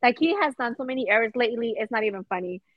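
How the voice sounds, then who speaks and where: A woman's voice: on the high side, very fast, dry recording, dull audio. A woman co-hosting a casual sports podcast, venting emphatically with rhetorical questions. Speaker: podcast co-host.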